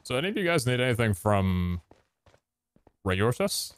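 A man's voice: mid-range voice, big pitch swings, normal speed, background noise. A man chatting casually and joking while playing a game with friends. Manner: laid-back, joking. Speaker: gaming youtuber. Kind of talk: casual gameplay chat.

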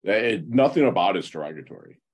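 Guy hosting a podcast, real deep husky voice, hypes everything up. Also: lively intonation, a little fast. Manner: enthusiastic, effusive praise, motivational. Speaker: podcast host. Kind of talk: podcast interview.

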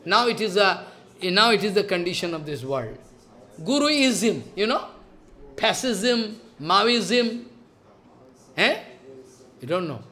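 A man's voice: sits high, very animated, slow, long pauses, pushed and bright. A man giving a devotional lecture as a spiritual teacher, talking emphatically, scolding, and firing off rhetorical questions.

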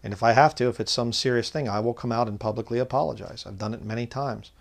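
Gravelly man giving a casual Bible talk. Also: mid-range voice. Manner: reads scripture slowly and loudly, then talks casually with fillers. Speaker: online preacher. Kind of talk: informal Bible teaching.

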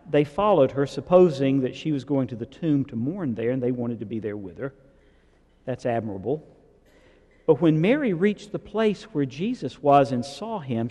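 A man's voice: on the high side, mellow, big-room sound. A man preaching a sermon, retelling scripture in a conversational way and asking the congregation questions. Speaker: pastor. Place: church sanctuary.

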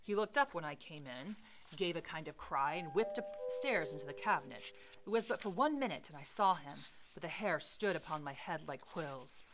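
Audiobook bit: woman reading as a loyal old male butler, earnest and pleading, with a bright, forceful tone. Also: sits low, lively intonation, normal speed, faint music behind. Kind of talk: storybook reading aloud.

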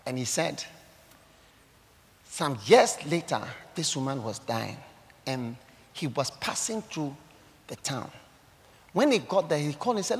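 A male pastor with a Ghanaian English accent preaching a sermon to a church congregation. He swings dramatically between hushed tones and shouts. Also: on the high side, lively intonation, unhurried, gravelly, long pauses. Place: church service hall.

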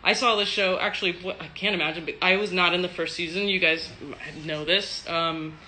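A woman's voice: on the low side, fairly even intonation, moderate pace, bright, forceful tone, a little hiss or hum. A woman from Texas, an actor, answering fan questions in a loose, chatty live stream, swearing freely and laughing often. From Texas, USA.

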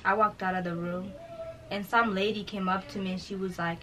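A woman's voice: on the low side, flat delivery, fairly quick, fairly bright tone, slight background noise, poor audio. A young woman talking casually in an interview, telling a personal story and quoting others, with many fillers. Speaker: vlogger telling her story.

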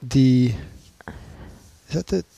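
A man's voice: medium pitch, slow pace, creaky, dark tone, dry recording. A man co-hosting a podcast in casual chat, rambling and teasing, with many restarts and laughs. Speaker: podcast co-host.

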